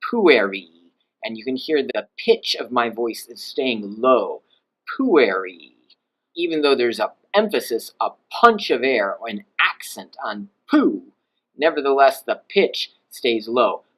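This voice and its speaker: Man, language teacher, recorded slide lecture, patient explaining, voices example phrases with rising and falling pitch, middle pitch. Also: sing-song, measured pace, a bit bright, husky, rough recording.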